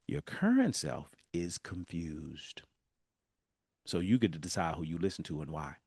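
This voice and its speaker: A man's voice: deep voice, a little slow, dry recording, studio quality. A man from Southern California hosting a solo podcast, telling stories animatedly and laughing as he talks straight to his listeners. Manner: animated storytelling, laughing, talking to listeners directly. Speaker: podcast host. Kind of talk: casual solo podcast monologue.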